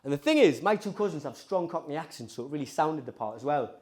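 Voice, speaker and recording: A male stand-up comedian with a Geordie accent works the audience in a chatty, provocative manner. His voice sits fairly high and moves animatedly up and down. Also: fast talker. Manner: lively, provocative, conversational.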